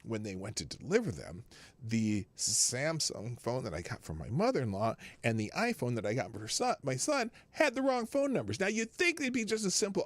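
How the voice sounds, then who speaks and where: A man's voice: mid-range voice, wildly swooping pitch, fairly quick, a bit bright, dry recording. Rambling middle-aged male livestream host. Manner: rambling, exasperated storytelling. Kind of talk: casual live-show chat.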